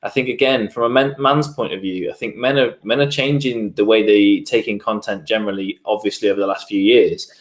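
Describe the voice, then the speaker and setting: A man's voice: fairly low pitch, fairly even intonation, fairly quick, few pauses. Earnest man in an echoey room. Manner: earnest, talkative, repeats phrases. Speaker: guest, men's mental health advocate. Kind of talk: casual interview chat. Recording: roomy echo.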